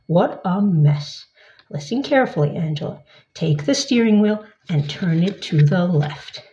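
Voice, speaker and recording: A woman's voice: fairly low pitch, animated, unhurried, mellow. A woman doing a stern radio controller. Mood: instructive. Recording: echoey, slightly dull room sound.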